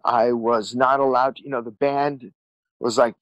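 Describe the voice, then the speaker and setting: A man's voice: medium pitch, fairly even intonation, measured pace, dry recording, dull audio. A man telling his life story as a podcast guest, earnest and rambling, repeating words and acting out what people said. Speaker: guest musician. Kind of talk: candid storytelling interview.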